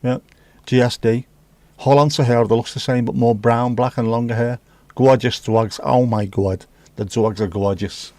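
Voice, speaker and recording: On a relaxed livestream, a male host reads viewer comments aloud and answers with casual, teasing banter peppered with swearing. He speaks at a normal speed in an ordinary middle pitch, and the sound is dry and close with no echo.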